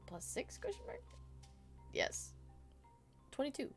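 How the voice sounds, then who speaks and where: A woman's voice: high-pitched, wildly swooping pitch, slow pace, soft background music. A woman playing a tabletop game, chatting casually, swearing freely, laughing often and thinking aloud.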